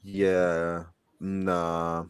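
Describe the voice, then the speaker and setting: A man's voice: low-pitched, little pitch movement, very slow, smooth, dry recording. A young adult man chatting casually as a shop owner, blunt and gossipy with a sassy edge. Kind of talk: casual chat.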